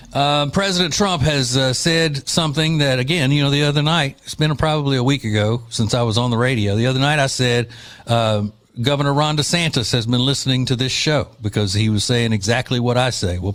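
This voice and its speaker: A man's voice: medium pitch, a bit bright. Man hosting a rambling talk radio show. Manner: loose, joking, opinionated, rambling with fillers. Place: radio studio. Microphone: studio mic.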